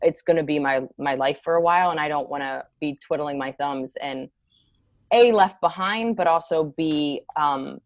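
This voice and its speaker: A woman comedian talking in a casual interview, rambling, correcting herself and telling animated stories over a video call. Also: low voice, normal speed, dry recording. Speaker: stand-up comedian guest.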